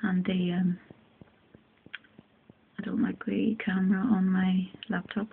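Woman, Northern Irish accent, gushing casual chat, vocal fry, recorded at home on a phone. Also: medium pitch, flat delivery, slow. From Northern Ireland. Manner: chatty and gushing, with many fillers. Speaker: crafting vlogger. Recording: tinny, noisy phone recording.

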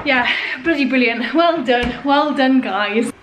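A woman's voice: high voice, a little slow, muffled recording, background noise. A young British woman, a lifestyle vlogger, chatting to camera in a bubbly, gushing way with plenty of fillers. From United Kingdom.

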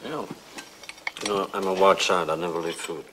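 A man's voice: deep voice, moderate pace, background noise, close to an everyday voice. An actor playing a playful, earnest male opera singer chatting over a meal. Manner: relaxed, earnest, teasing.

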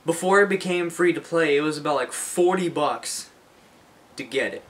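A man's voice: a little high, normal speed, a bit bright. A teenage boy or young man talking unscripted to his channel's viewers, rambling and repeating himself with many restarts and fillers. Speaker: YouTuber. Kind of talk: casual unscripted vlog talk.

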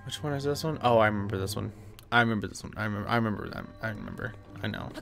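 A young man with a lowish, gravelly voice streams a video game, talking very fast over faint background music. His let's-play commentary is jokey and animated, aimed at his viewers.

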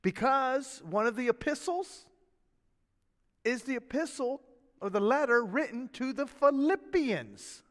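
A pastor delivers a sermon from the pulpit at a measured pace, his voice high for a man and swinging widely in pitch. He's folksy and animated, slipping in chuckles and asides to the congregation, while the long reverb of a church sanctuary trails each phrase.

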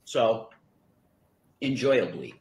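A man's voice: mid-range voice, big pitch swings, drawn-out words, darkish tone. A man talking through a home recipe as he cooks, rambling with fillers and restarts. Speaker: home cook in a cooking video. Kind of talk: casual cooking demonstration. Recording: echoey room.

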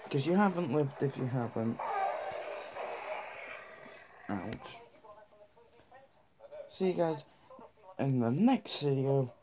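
A man's voice: mid-range voice, lively intonation, slow, pauses often, crowd noise. A young man casually commenting on a mobile game as he plays, talking to himself and reacting to what happens on screen. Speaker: gaming channel host.

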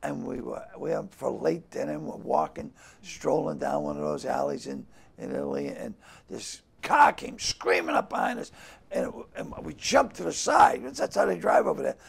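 An older man, a comedian guest telling stories in a casual interview and acting out the quotes with loud bursts. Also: a little high, normal speed, gravelly, slightly rough. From Boston. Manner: animated storyteller who acts out quotes with loud bursts.

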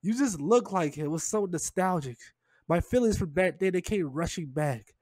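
A man reading the lines of an ancient giant robot, apologetic and gentle, in close to his own voice. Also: sits high, animated, normal speed, dry recording. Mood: regretful. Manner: lightly read-out quote, mostly his own voice.

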